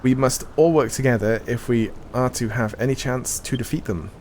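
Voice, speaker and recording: A man reading out a stern army commander's lines from a game, slowly and deliberately. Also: mid-range voice, darkish tone, slight background noise, natural voice. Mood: solemn.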